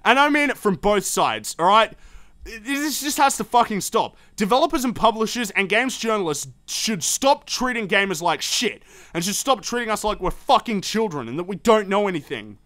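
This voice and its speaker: A young man rants into the mic with a high, bright, tense voice, swearing freely and sounding fed up. The sound is close and dry, with no room around it. He speaks as the host of an opinionated gaming commentary show. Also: sing-song, moderate pace, no echo. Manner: heated, profane, exasperated.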